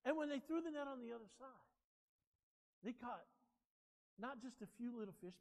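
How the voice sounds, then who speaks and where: A male pastor preaching a sermon, telling stories in an animated way and joking with his congregation. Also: very high voice, moderate pace, long pauses, long reverb tail. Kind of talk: sermon with personal storytelling.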